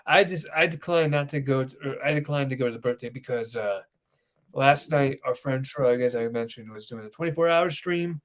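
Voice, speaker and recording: A man co-hosting a casual podcast from home, loud and excitable in banter. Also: medium pitch, a little fast. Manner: loud, excitable banter that swings to soft baby talk. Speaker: podcast co-host.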